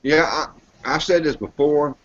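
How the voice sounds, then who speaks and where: A man's voice: fairly high pitch, a little slow, no room sound. A man, hosting a casual chat and telling a joke with lots of character voices. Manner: animated storyteller, throws voices for quoted characters. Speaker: host; grocery store worker. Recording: dull lo-fi recording.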